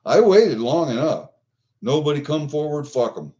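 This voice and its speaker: Older american guy ranting and cussing, dark mellow voice. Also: a little high, big pitch swings, moderate pace. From United States. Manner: swears constantly, ranting. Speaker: vlogger. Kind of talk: angry venting vlog.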